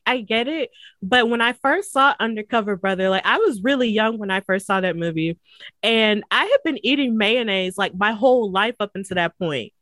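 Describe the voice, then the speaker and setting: A woman's voice: a little high, fairly bright tone, dry recording. Chatty Alabama woman with many fillers. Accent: Southern US, Alabama. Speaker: guest. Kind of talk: casual chat.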